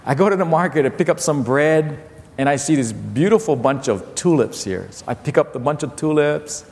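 High-voiced male pastor preaching in a hall. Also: moderate pace, vocal fry. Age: 50s. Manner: animated storytelling, repeats phrases, acts out family voices. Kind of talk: sermon. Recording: long hall reverb.

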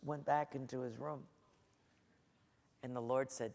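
A middle-aged man preaching a sermon, telling stories in an animated way and acting out the quotes. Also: mid-range voice, measured pace, vocal fry. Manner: storytelling, animated, acts out quotes. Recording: echoey hall.

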